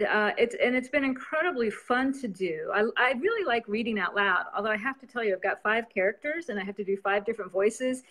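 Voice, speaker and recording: Woman, novelist guest, slightly high-pitched, casual chat, rambling, laughs a lot. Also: a bit bright. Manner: chatty, rambling, laughs often.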